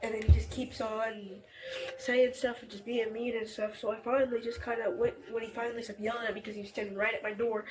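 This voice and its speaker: A teenage girl inside her family home telling a deputy what happened, halting and rambling with many fillers and restarts, picked up by an officer's body camera. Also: a little high, flat delivery, background noise. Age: teens. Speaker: family member reporting to deputy. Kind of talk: recounting events to police.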